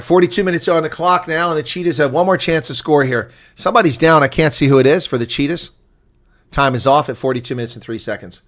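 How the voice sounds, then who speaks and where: A man giving live watch-along rugby play-by-play, swinging from calm asides to excited shouting on breaks. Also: on the high side. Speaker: rugby commentator.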